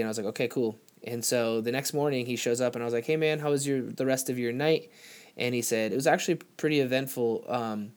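A young man preaching a sermon, telling a story earnestly and often restarting his words. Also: medium pitch. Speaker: pastor.

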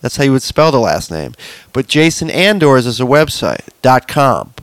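A man's voice: medium pitch, sing-song, a bit bright, no echo. Insistent male podcast guest. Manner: insistent, quick to argue. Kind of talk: casual podcast chat.

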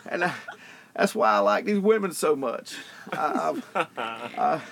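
A man doing a playful impression of a drawling former president, slow and folksy with stammers. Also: a little high, sing-song, creaky, fairly bright tone, slight background noise, full character voice.

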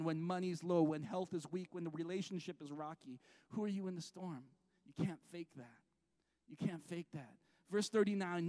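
A middle-aged man preaching a sermon in a church, lively and jokey, with restarts and acted-out quotes. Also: high voice. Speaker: pastor. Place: church sanctuary.

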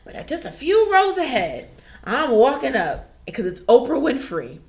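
Brief: higher-voiced woman co-host, chatty storyteller, animated with laughs and acted-out quotes. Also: normal speed. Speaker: podcast co-host. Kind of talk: casual storytelling chat.

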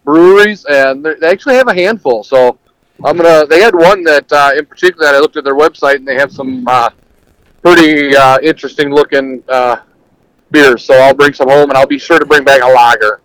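A man's voice: on the high side, a little fast, a bit bright, smooth, no room sound, low-quality recording. Dry-voiced man calling in. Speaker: caller. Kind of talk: casual chat by phone. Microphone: phone call.

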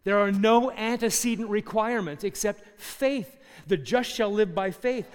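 A man's voice: sits high, lively intonation, normal speed, hardly any pauses. A middle-aged man preaching a sermon, emphatic and fond of rhetorical questions. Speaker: pastor. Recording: long hall reverb.

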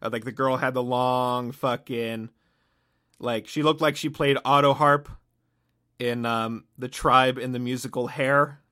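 With a bright, forceful tone, a man speaks in a mid-range voice a little slowly and with fairly even intonation. He hosts a podcast, wandering through a sardonic one-man comedy monologue and breaking off mid-thought.

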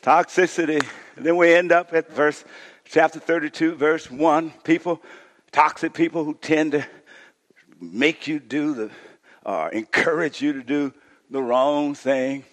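High-voiced preaching pastor in a reverberant hall. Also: male voice, a little slow. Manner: preaching, calls on the congregation to shout responses; reads scripture, voicing the complaining crowd with rising intensity. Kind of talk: sermon.

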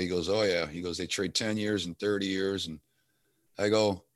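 A man's voice: deep voice, normal speed. A man telling a story in casual chat, acting out the lines of the people in it. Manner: animated storytelling, acting out quoted dialogue.

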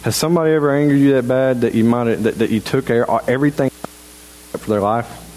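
A man preaching a sermon in a church in a halting, conversational way, full of restarts. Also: mid-range voice, a little mellow, slight background noise, rough recording. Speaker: pastor. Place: church sanctuary.

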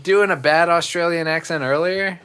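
A man's voice: on the high side, moderate pace, fairly bright tone, slight background noise. A man co-hosting a casual online chat, joking and swearing, often trailing off mid-sentence. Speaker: podcast co-host. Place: home, remote call.

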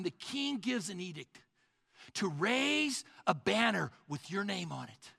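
A man preaching a sermon, telling a story in a folksy, animated way and calling his listeners folks. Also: high-pitched, measured pace, creaky, husky, no room sound, clean studio sound.

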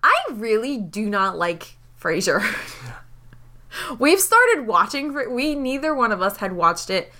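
A woman's voice: a little high, big pitch swings, slow pace, sharp tone. A woman playing a tabletop role-playing game, chatty and playful, pleased with her own jokes. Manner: playful, chatty, self-amused. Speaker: player. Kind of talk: casual tabletop game chat.

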